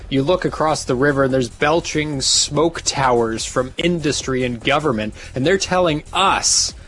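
A man co-hosting a podcast, chatting casually and chiming in with halting agreement. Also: medium pitch, a bit bright. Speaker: podcast co-host. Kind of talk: casual chat.

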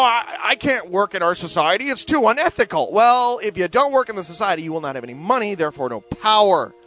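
Male podcast host getting over a cold, high-pitched and rapid, swearing freely while he rants. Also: a bit bright. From Canada. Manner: profane, opinionated ranting with mocking impressions. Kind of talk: rambling solo monologue.

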